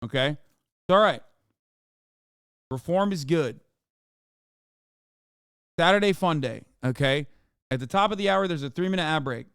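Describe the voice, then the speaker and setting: Male streamer, 30s, exasperated ranter who swears freely; smooth voice, dry close sound. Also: fairly high pitch, expressive, moderate pace, long pauses, fairly bright tone, dry recording. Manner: exasperated, ranting, swears a lot. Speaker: streamer reacting to a video. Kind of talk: casual livestream reaction.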